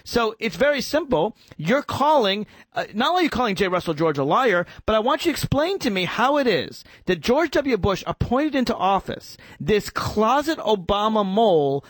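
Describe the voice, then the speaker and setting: Animated, argumentative talk radio host man. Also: sits high, normal speed, few pauses, no room sound. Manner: animated, argumentative, acts out imagined exchanges. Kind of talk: political talk radio discussion.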